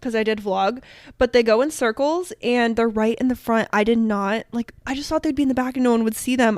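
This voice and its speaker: A young woman co-hosting a podcast tells a story in casual, animated chat, acting out the dialogue she quotes and saying "like" a lot. Her voice is on the high side and brisk. The studio-quality recording has no echo.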